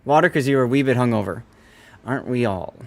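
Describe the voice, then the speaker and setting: A man's voice: medium pitch, fast, a little hiss or hum. A man streaming a naval warship game, casually chatting with his viewers and answering their messages between callouts about torpedoes and ranges. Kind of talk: casual live-stream chat while gaming.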